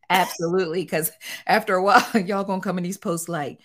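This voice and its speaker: A woman's voice: fairly low pitch, moderate pace. A middle-aged woman telling a story in a casual interview, acting out the quotes in different voices. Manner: animated, acts out quotes in voices. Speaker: guest, site owner.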